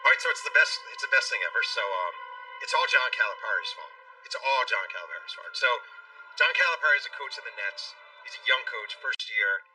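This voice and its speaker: A man, an author guest on a talk show, telling a story at a brisk pace and acting out what people said. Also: on the low side, sharp tone, smooth. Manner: brisk storyteller who acts out quotes. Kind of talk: interview storytelling. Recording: distant mic, faint music behind.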